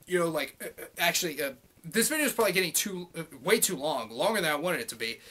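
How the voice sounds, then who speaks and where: Young man, vlogger, profane sarcastic rant, lively up-and-down pitch. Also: quick pace, slightly rough. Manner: swears constantly, heated and sarcastic.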